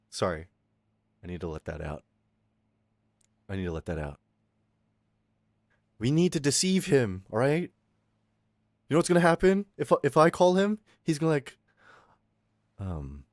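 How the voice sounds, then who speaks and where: Brief: young male streamer, lively swinging pitch, loud and crude, dry close mic. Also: moderate pace, pauses often, no echo. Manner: loud, swearing, laughing, animated ranting. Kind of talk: casual stream chat reading chat.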